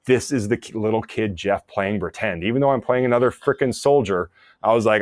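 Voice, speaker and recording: A man, an actor and former soldier, telling stories in a casual podcast interview, animated and laughing often as he talks. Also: lowish voice, fairly quick, no room sound, clean studio sound. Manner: animated storyteller, laughs often, many restarts.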